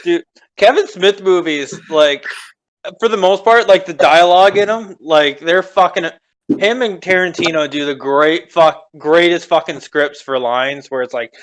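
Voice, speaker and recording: A man's voice: on the high side, measured pace. A young man co-hosting a podcast, rambling loosely and laughing as he talks about movies. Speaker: podcast co-host. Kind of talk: casual comedic chat.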